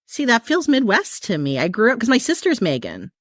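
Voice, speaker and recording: A woman's voice: a little high, huge pitch swings, a little fast, no echo, studio quality. A woman co-hosting a casual podcast chat, candid and laughing while she talks. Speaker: podcast co-host.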